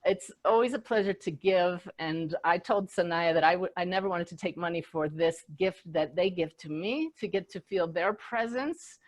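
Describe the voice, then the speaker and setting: A woman's voice: on the low side, moderate pace, hardly any pauses, no echo. A middle-aged woman hosting a live online event as a spiritual medium, telling stories with quoted dialogue and growing enthusiasm. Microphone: video call.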